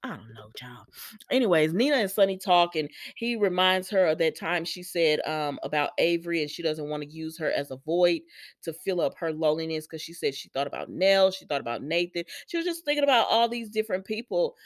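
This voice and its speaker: A woman's voice: lowish voice, expressive, brisk, dry recording, clean studio sound. Chatty woman recapping to viewers. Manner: chatty, addresses viewers directly. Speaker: soap opera recap vlogger. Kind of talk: casual chat.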